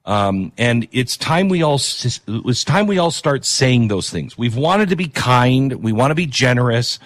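A man's voice: mid-range voice, lively intonation, unhurried, no room sound. A man hosting a talk radio show, delivering a rambling, opinionated monologue with self-deprecating asides.

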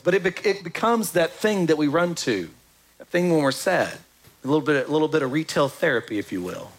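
A man preaching a sermon in an animated, conversational way, with quick asides to the congregation. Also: fairly high pitch. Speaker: pastor.

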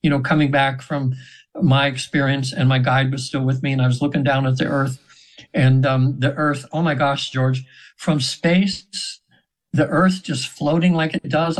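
This is a seventies-aged man, a spiritual practitioner guesting on a radio program, telling a lengthy story. He speaks at a moderate pace in a medium pitch with a steady tone, earnest but meandering, often restarting and using fillers. The recording is rough.

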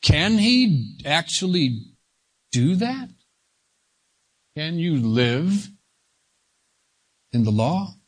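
A man preaching an expository sermon, speaking deliberately and stretching key words for emphasis. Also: a little high, big pitch swings, slightly rough. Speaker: pastor.

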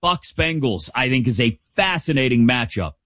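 A middle-aged man hosting a sports talk show, giving casual, opinionated commentary in an animated, jokey way. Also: medium pitch, moderate pace, no room sound. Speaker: sports podcast host.

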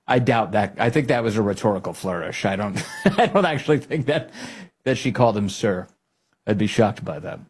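A male host giving sarcastic political commentary, with a husky voice and frequent laughter. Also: fairly low pitch, a little mellow. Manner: mocking, sarcastic, laughing often.

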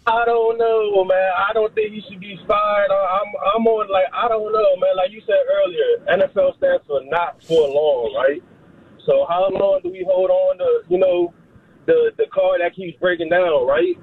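A husky-voiced man in his thirties calls into a radio show over a tinny phone line. He rambles casually, leaning on fillers, and his pitch jumps around a lot. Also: very animated, moderate pace, no room sound. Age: 30s. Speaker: caller. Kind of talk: phone-in call.

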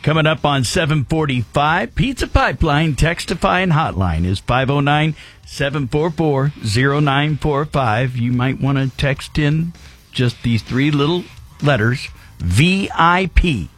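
Male radio DJ, playful casual banter, slightly high voice, music underneath. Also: animated, unhurried, slightly rough. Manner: loose, playful, repeats numbers.

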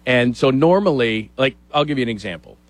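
A middle-aged man hosts a casual sports talk show and rambles through stories with animated asides. His voice sits at an ordinary pitch for a man. The recording is close and dry, with no room sound. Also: fairly quick, no room sound. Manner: chatty storyteller, animated asides.

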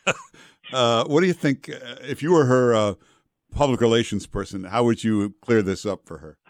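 A man's voice: medium pitch, normal speed, dry recording. Male talk radio fill-in host, loose and jokey, dead-dry studio mic. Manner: joking, loose, with many "uh" fillers. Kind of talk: casual talk radio banter.

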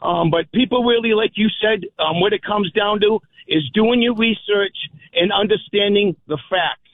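A man calls in to a talk radio show, agitated and halting as he searches for his words through many fillers. His voice sits high, and it comes through dry and thin over a tinny phone line. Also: no echo. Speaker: caller.

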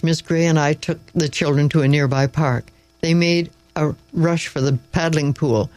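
A man narrating an audiobook in a measured, wry storytelling manner, close to the mic. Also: fairly high pitch, darkish tone, dry recording, rough recording. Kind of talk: scripted narration.

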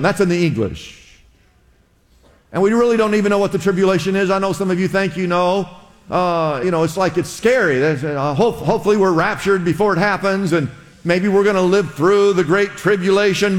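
A pastor preaching to his congregation, a man with a fairly high voice. He teaches in an engaging, call-and-response way, pausing to restart his sentences. His words ring out with the long reverb of a church hall. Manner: many fillers and restarts, emphatic rises. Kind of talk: sermon. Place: church sanctuary.

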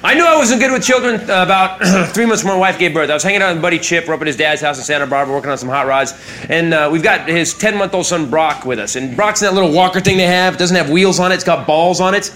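A man's voice: fairly high pitch, fast talker. A man doing stand-up, telling a rambling personal anecdote with dry asides. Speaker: stand-up comedian. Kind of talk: stand-up storytelling. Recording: loud crowd and heavy noise.

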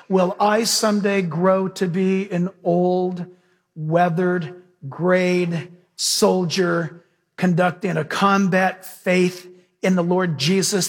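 A middle-aged pastor with a high, husky voice preaches in an animated way. He swings from loud to hushed as he tells his stories. The long reverb of a big sanctuary trails after every phrase. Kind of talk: sermon.

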